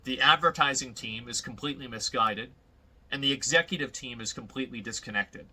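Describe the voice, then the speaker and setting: Bright, emphatic male commentator. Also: medium pitch, fairly quick, slightly rough, low-quality recording. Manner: emphatic, declarative delivery. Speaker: commentator in a played clip. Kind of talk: prepared commentary.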